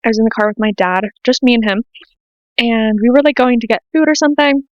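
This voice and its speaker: A teenage American woman talks straight to her camera, rambling and emotional and leaning on "like" again and again. Her voice sits a little high. The recording is dry and a bit dull. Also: fast, no echo. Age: late teens. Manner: emotional, rambling, says "like" often. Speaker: podcast host. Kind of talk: casual confessional vlog podcast. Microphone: to camera, self-filmed.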